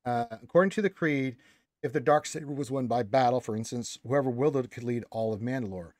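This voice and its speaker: A man's voice: medium pitch, fairly quick, a little mellow, no echo, studio quality. Man explaining lore at length. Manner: explains at length, reads notes aloud, many restarts. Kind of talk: casual fan discussion.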